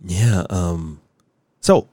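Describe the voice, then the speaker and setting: A man's voice: deep voice, extremely slow, warm tone, dry recording. A man co-hosting a casual movie chat, joking and playful, and throwing in silly put-on accents. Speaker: podcast co-host.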